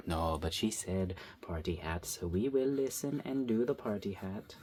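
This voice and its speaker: A man's voice: low-pitched, lively intonation, moderate pace, few pauses, darkish tone. A young man chatting to himself while he draws, recorded on his phone, rambling and playful. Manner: rambling, self-talking, playful. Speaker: vlogger drawing. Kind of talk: casual drawing commentary.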